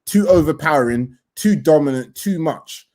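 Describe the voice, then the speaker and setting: A man's voice: a little high, expressive, normal speed, warm tone. A young man making emphatic points in a casual chat, often laughing. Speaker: guest.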